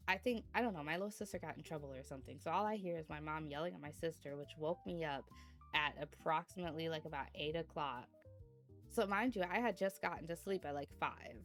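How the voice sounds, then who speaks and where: At home indoors, a young adult woman streamer with a fairly low voice chats casually about a sleepless night. Sleepy and yawning, she laughs often and breaks into bursts of mock outrage.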